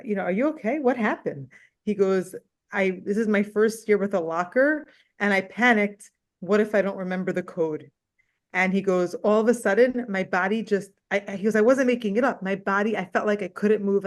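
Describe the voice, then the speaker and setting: A woman teacher talks in a casual meeting conversation. She speaks fast and with high energy, running her thoughts together as she goes. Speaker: special education teacher.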